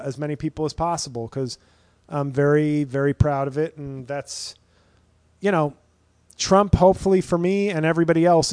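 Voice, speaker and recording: A man's voice: mid-range voice, darkish tone, no echo. A man in his thirties, a stand-up comedian hosting his own podcast, rambling through a profane, wry solo monologue.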